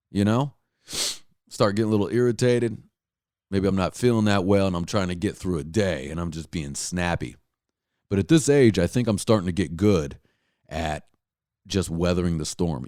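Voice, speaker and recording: A man's voice: on the low side, darkish tone, no echo, studio quality. A man hosting a podcast, delivering a blunt, profane solo rant full of restarts and exasperated storytelling. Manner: rambling, profane, many restarts. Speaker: podcast host.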